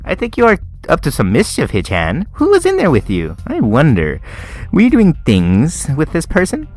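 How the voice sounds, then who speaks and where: A man reading aloud as a bubbly, bossy schoolgirl from a visual novel, in a high, squeaky falsetto that scolds and teases. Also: huge pitch swings, normal speed, faint music behind. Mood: teasing.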